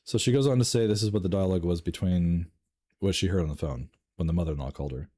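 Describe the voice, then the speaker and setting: A man reading online stories aloud and reacting with laughs, swearing and sudden jumps in pitch. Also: fast, dark tone, husky. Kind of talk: casual reading and commentary.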